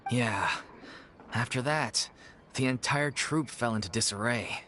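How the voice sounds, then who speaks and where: Resigned, polite theater-troupe NPC, mid pitch. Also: unhurried, bright, forceful tone, faint music behind. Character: weary troupe member running a failing theater group. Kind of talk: video game voice acting.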